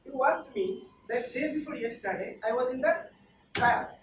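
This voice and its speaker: A woman's voice: sits high, animated, normal speed. A woman giving a classroom lecture, repeating her points and quizzing the class. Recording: echoey room, far from the mic, noisy.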